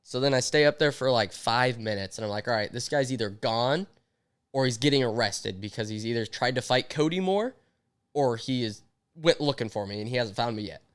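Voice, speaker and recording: Lively young man telling a story. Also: medium pitch, fairly quick, clean tone. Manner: animated, acts out quotes. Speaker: podcast co-host. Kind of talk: casual storytelling chat.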